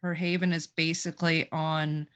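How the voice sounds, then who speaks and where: Woman player with a lower voice. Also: flat delivery, moderate pace. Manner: reasoning aloud, thoughtful questions. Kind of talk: casual tabletop play.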